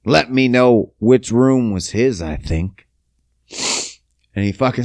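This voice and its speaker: A man's voice: mid-range voice, a little slow, no room sound, studio quality. A man, hosting a podcast and telling a crude, self-mocking comic story. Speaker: podcast host.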